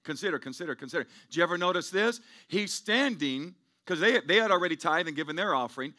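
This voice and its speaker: Bright-voiced pastor preaching with rising emphasis. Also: male voice, on the high side. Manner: rambling and repetitive, building to emphatic peaks. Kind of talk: sermon.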